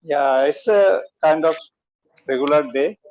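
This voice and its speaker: A middle-aged man practises spoken English over a video call, speaking haltingly and stopping often to find his words. His voice sits at an ordinary pitch for a man. The call audio is dull and lo-fi. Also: darkish tone. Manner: hesitant, halting learner English with fillers. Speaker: English learner.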